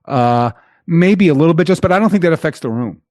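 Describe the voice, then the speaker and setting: A man's voice: on the high side, lively intonation, a little fast, darkish tone, no room sound, studio quality. A man talking as a guest on a hockey podcast, rattling on with repeated and restarted phrases. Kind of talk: casual podcast chat.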